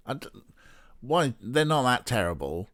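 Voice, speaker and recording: A man's voice: medium pitch, big pitch swings, a little slow, fairly bright tone, no room sound, studio quality. A Welsh man chatting casually and swearing now and then while streaming a game. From Wales. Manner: chatty, swears, laughs easily. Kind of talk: casual let's play chat.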